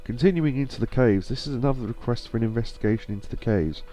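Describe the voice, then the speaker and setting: A man's voice: medium pitch, fast talker, warm tone. A man with a stuffy nose casually chatting through a live game stream, rambling to himself and reading mission text aloud. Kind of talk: casual live gameplay commentary. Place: home streaming setup.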